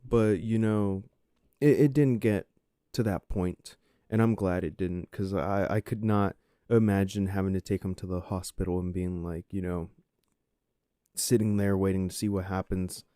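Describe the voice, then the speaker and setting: A young man in his twenties tells a story on his podcast in a rambling way, filling his sentences with "like" and "you know." His voice is fairly low and mellow. It sounds dry, as if recorded close to the mic. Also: steady tone, normal speed, smooth, no echo. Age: 20s. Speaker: podcast host. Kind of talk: casual solo storytelling.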